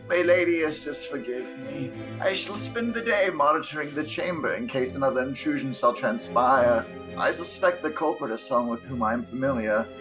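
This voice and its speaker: A man's voice: mid-range voice, voice pushed up, close to an everyday voice, rough recording. A man voicing an elderly, pious male priest who reads his own journal in a formal, reverent old-man voice.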